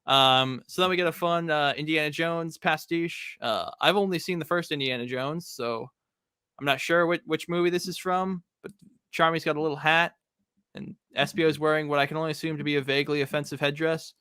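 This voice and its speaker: A man hosts a casual podcast in a relaxed, rambling way, often pausing on ums and uhs. His voice is bright and a little high. The recording is dry and close. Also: clear, resonant tone, no room sound. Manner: relaxed, rambling, with many fillers. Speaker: podcast host.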